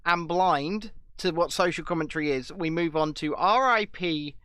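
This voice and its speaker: A man's voice: fairly high pitch, moderate pace, sharp tone, clear, resonant tone, no echo. A man co-hosting a podcast, giving casual, mocking and opinionated banter. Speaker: podcast co-host.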